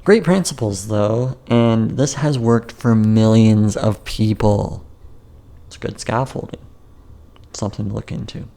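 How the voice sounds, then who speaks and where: A man's voice: fairly low pitch, unhurried, gravelly, warm tone. A man narrating his own memoir as an audiobook, casual and joking, with wry asides.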